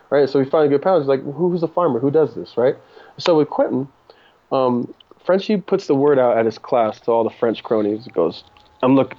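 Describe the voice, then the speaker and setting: A cannabis breeder appears as a podcast guest, his mid-range voice captured in lo-fi sound. In a casual interview, he spins a long, rambling, profane story and laughs frequently.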